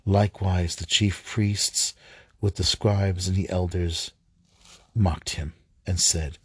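A man reading scripture aloud, halting at times, stumbling and rereading lines. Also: low-pitched, fairly even intonation, slightly rough, no echo. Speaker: scripture reader.

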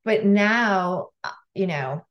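A woman co-hosting a podcast as a health coach, chatting casually and telling stories with lively acted-out bits. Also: medium pitch, takes it slowly, muffled recording. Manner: lively storyteller, acts out voices in anecdotes.

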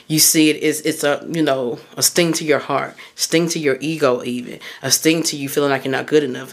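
A woman hosting a podcast as a mindset coach, talking casually and candidly through personal stories, with loose phrasing and lots of fillers. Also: deep voice. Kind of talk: casual motivational monologue.

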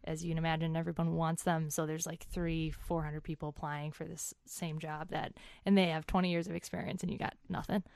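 A woman's voice: low voice, little pitch movement, a little fast, vocal fry, few pauses, darkish tone, no room sound. A woman in her twenties, an interview guest, animatedly telling a chatty story and acting out what people said.

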